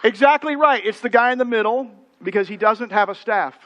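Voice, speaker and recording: Animated American pastor telling stories. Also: male voice, high-pitched, brisk, highs cut off. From United States. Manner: anecdotal, animated storytelling with quoted voices. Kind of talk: sermon. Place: church sanctuary.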